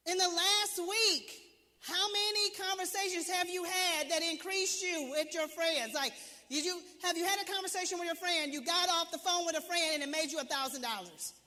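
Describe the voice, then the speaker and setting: A woman's voice: extremely high pitch, moderate pace, sharp tone, big-room sound. A woman coach giving a motivational talk to an audience, emphatic and preachy, firing off repeated questions. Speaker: business and wealth coach.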